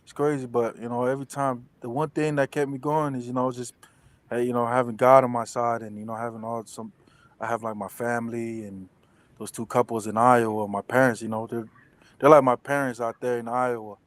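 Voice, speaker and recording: A man's voice: medium pitch, flat delivery, fairly quick, no echo, poor audio. A young man, a football player and interview guest, telling a story in casual chat, rambling with many restarts and fillers.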